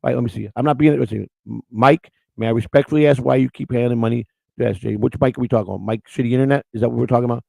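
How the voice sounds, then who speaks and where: A man's voice: mid-range voice, fairly even intonation, racing, gravelly, a little mellow, no room sound. A middle-aged man hosting a livestream, rambling through stories and chatting crudely and emotionally with his viewers. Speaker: livestream host. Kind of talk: casual chat with the live chat.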